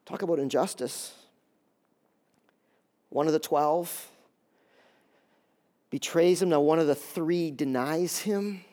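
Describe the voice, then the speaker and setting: A man preaching a sermon, animated and conversational, acting out scenes and talking straight to his listeners. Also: on the high side, slow, pauses often. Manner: animated, acts out scenes in quoted voices; conversational, talks straight to the audience. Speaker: pastor.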